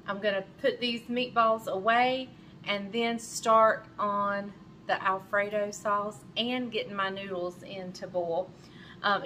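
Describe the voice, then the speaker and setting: Bright-voiced chatty woman cooking at home. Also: mid-range voice, a little hiss or hum. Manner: chatty, rambling, with frequent fillers and self-corrections. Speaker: cooking channel host. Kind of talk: casual cooking demonstration. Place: home kitchen.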